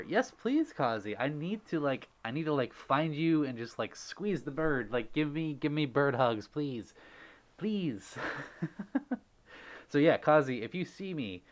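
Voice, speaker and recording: A man hosting a casual livestream, reading out viewer messages and gushing with giggly, excitable thanks. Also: medium pitch. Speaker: livestream host.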